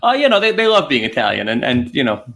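A man's voice: medium pitch, very animated, fast talker, creaky, a bit bright. A middle-aged man co-hosting a casual podcast chat, blunt and teasing, full of wisecracks. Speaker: podcast co-host.

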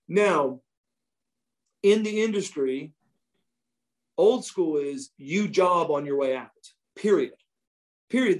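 A man, a former wrestler, telling profane, animated backstage stories as a guest in a casual interview. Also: a little high.

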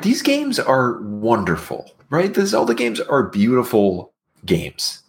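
Ranting podcast co-host, exasperated and profane, wildly animated pitch. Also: takes it slowly, creaky. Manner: ranting, exasperated, heavy swearing. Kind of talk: casual podcast chat.

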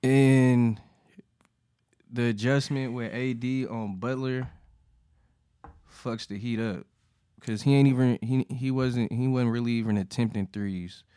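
A man's voice: mid-range voice, steady tone, unhurried, long pauses, warm tone, smooth, no room sound. A man co-hosting a casual sports podcast, laid-back and profane with lots of slang. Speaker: podcast co-host.

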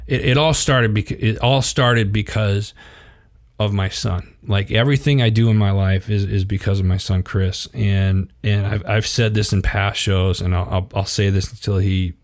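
A man in his thirties, a podcast guest, telling stories in a casual interview and acting out quotes in a raised voice. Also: lowish voice. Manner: animated, acts out quotes in a raised voice.

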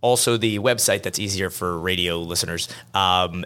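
A man's voice: low-pitched, normal speed, few pauses, bright, forceful tone. A man, an attorney appearing as a podcast guest, who talks in rambling stories full of fillers and restarts. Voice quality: gravelly. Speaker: estate planning attorney, guest. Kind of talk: podcast interview conversation.

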